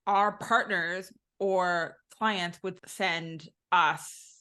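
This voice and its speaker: A woman's voice: fairly low pitch, fairly even intonation, drawn-out words, pushed and bright, clear, resonant tone. A woman podcast co-host chatting casually, chiming in with supportive remarks. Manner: supportive, cheering interjections. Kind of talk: casual chat.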